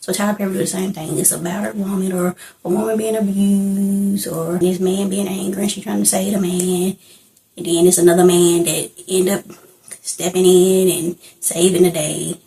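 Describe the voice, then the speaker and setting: A woman's voice: on the low side, flat delivery, moderate pace, gravelly, dark tone, rough recording. A young woman chatting casually in a reaction vlog, rambling and laughing as she reviews a film. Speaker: movie reviewer.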